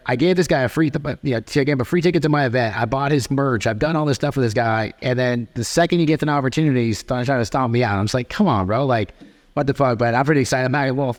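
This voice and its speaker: A man in his thirties rattles through his stories at a quick clip, cursing freely and slipping into animated retellings. It is a casual podcast conversation. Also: mid-range voice. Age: 30s. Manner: rapid, profane, animated storytelling. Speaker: podcast host.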